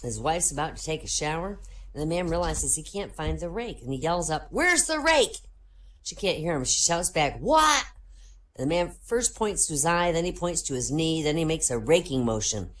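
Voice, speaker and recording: A woman's voice: sits low, brisk. A woman hosting a comedy show, telling jokes and giving the characters their own voices. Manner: lively joke-telling, voices characters in quotes.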